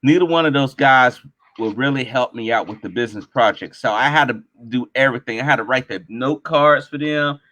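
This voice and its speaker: Animated storytelling man, bright voice. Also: medium pitch, fairly quick. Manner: animated, acts out other people's lines. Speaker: interview guest. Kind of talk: casual storytelling.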